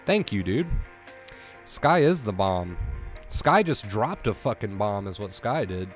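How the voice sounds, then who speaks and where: A man's voice: on the low side, expressive, unhurried, faint music behind. A man streaming live, chatting casually and thanking viewers with effusive emotion, his voice breaking at times. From US East Coast.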